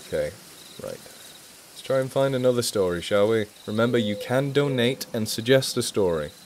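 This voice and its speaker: A man's voice: medium pitch, animated, normal speed, darkish tone, a little hiss or hum, lightly acted. Guy putting on a southern drawl, good old boy vibe, playful and self-mocking, voice jumps all over. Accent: put-on American Southern. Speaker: livestream host. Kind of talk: casual live-stream chat.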